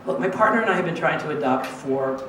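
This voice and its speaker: Animated man telling a story on a club stage. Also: on the high side, quick pace. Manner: animated, acts out other people's lines. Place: small cabaret club with an audience. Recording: echoey, distant room mic with audience noise. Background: audience laughter.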